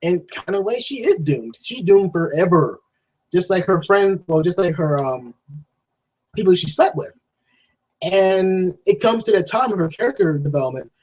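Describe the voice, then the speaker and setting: A man giving a casual, rambling spoken film review, swearing freely and restarting sentences, often jumping into a high, excited voice to act out scenes. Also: normal speed, poor audio. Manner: jumps to high excited voice when acting out scenes.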